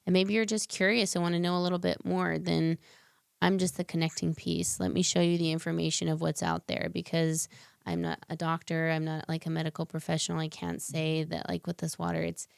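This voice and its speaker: Gravelly, smooth-voiced woman guest. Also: on the low side, flat delivery, a little fast, dry recording, clean studio sound. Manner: earnest, talks in long winding explanations with fillers. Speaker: podcast guest. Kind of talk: casual interview conversation.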